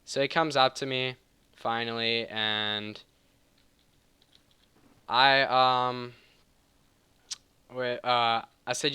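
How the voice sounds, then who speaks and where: A man's voice: medium pitch, fairly even intonation, drawn-out words, pauses often, bright, forceful tone, clear, resonant tone, no echo. A man telling a rambling, heated personal story over gameplay commentary, casual and profane, often stopping to correct himself. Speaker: gaming channel host.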